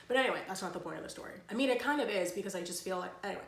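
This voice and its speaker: A woman's voice: medium pitch, animated, racing, gravelly, few pauses, fairly bright tone. A woman casually summarizing a story, rambling, with slang and lots of fillers. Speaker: book vlogger. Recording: roomy echo.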